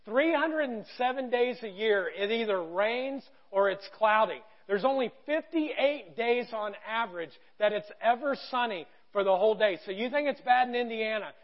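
A man in his thirties preaching a sermon, telling a story with animated quoted voices. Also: high-pitched. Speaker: pastor. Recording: dull lo-fi sound.

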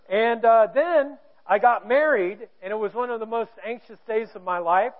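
High-voiced pastor with a tinny sound. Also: male voice, normal speed, few pauses. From Indiana, US. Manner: candid, self-deprecating, joking. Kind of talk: sermon. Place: church auditorium. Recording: tinny, phone-like narrow sound.

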